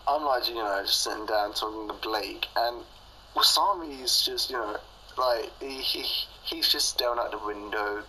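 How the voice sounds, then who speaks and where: A young man joins in telling a funny story, rambling and full of fillers as he laughs along. His voice is bright and forward. A faint noise hums behind him. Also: medium pitch, rough recording. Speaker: friend and co-storyteller. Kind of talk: casual storytelling.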